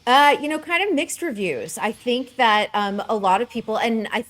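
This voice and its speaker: A woman's voice: a little high, expressive, normal speed, a bit bright. A woman co-hosting a casual chat, telling stories in a chatty way with lots of "like". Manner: chatty storyteller, uses "like" often. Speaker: co-host.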